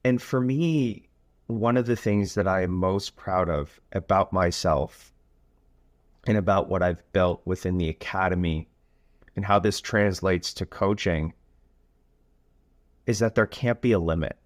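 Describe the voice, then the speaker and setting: A man who hosts a coaching podcast, telling a story in a relaxed way with frequent filler phrases. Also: sits low, measured pace, pauses often, dry recording, studio quality. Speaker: youth soccer coach and podcast host.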